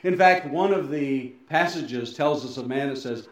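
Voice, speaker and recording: Man preaching in a very echoey church. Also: moderate pace. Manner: dramatic swings between loud emphasis and soft low endings; folksy asides and self-deprecating humor. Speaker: pastor. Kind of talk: sermon. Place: church sanctuary.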